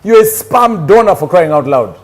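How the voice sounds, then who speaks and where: Teasing Ugandan man with a lively voice. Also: high-pitched, moderate pace. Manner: teasing, argumentative, laughs often. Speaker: co-host. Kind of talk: casual bar-table chat.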